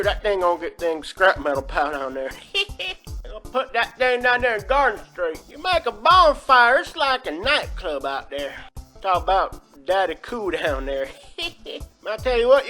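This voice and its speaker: A man's voice: extremely high pitch, bright, forceful tone. A man hosting a comedic countdown, talking in a rambling, folksy, exaggerated drawl. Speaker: host of a countdown video.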